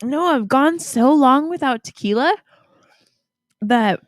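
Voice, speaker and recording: A woman's voice: high-pitched, lively intonation, slow, no room sound. Tipsy giggling woman, dry sound. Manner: giggly, rambling. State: tipsy, drunk. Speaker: guest reader. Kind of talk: casual podcast chat. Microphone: handheld mic.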